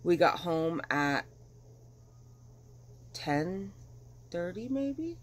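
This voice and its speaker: A woman's voice: fairly low pitch, extremely slow. Woman, middle-aged, casual home vlog, chatty, dramatic storytelling, just over the flu. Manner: chatty and animated, dramatic retelling. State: recovering from flu. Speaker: vlogger. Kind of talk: casual chat. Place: at home, windows open.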